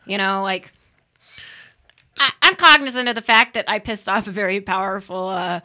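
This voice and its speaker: A woman's voice: medium pitch, moderate pace, bright, forceful tone. A woman guest on a talk radio show, chatty and full of fillers as she explains policy.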